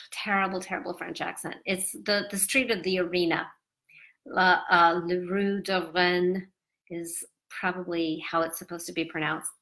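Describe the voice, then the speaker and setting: Woman travel vlogger, tired and sleepy, bright tone, rambling with lots of fillers. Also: lowish voice, flat delivery, moderate pace. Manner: chatty, rambling, with many fillers. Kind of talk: casual travel vlog.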